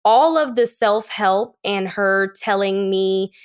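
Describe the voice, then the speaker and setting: A woman who is a podcast guest, telling a candid personal story and acting out the quoted lines in a lively way. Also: mid-range voice, takes it slowly, clear, resonant tone. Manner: animated, acts out quoted lines.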